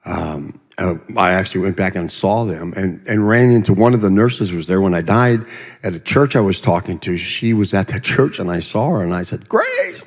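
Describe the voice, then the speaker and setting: Lower-voiced man telling a folksy church testimony. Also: fairly quick. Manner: folksy, humorous storytelling with vivid asides. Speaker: guest speaker giving a testimony. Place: church sanctuary. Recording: long reverb of a church hall.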